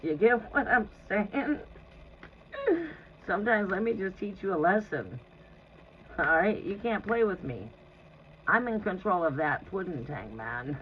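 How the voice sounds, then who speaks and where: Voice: medium pitch, expressive, measured pace, long pauses. A tarot reader on a live reading gives blunt, profane advice and laughs often. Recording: dull lo-fi sound with faint noise.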